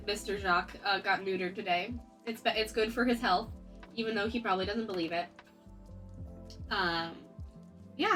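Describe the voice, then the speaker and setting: A woman's voice: medium pitch, sharp tone, rough recording. A woman live-streaming as an artist, chatting casually and greeting viewers over and over, her nose stuffy from a cold. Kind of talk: casual livestream chat. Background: faint background music.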